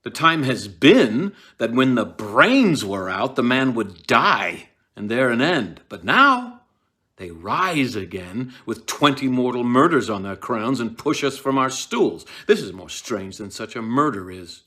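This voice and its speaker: A man voicing Macbeth, a haunted king, declaiming his lines loudly and raised in pitch. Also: very animated, a little slow, slightly rough, heavily acted. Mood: ranting. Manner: loud declamatory ranting.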